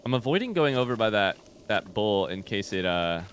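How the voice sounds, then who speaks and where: Lively, animated man doing gaming commentary. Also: on the low side, moderate pace, a little hiss or hum. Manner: animated, chatty, talks to game enemies and animals. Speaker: gaming video host. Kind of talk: casual let's-play commentary.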